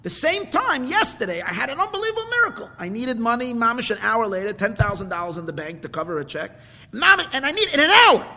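A man teaching a Torah class, mixing Hebrew and Yiddish terms into English and swinging from quiet to loud. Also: high voice, husky, long reverb tail.

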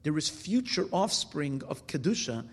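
A man teaches a Torah lesson in a husky, somewhat breathy voice. He poses questions and answers them himself, mixing Hebrew terms into his English. The sound carries a long reverb tail, as if recorded in a large hall. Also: on the high side, very animated, normal speed. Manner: explanatory, asks and answers his own questions; mixes Hebrew terms into English, with restarts and fillers. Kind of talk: Torah class explaining verses.

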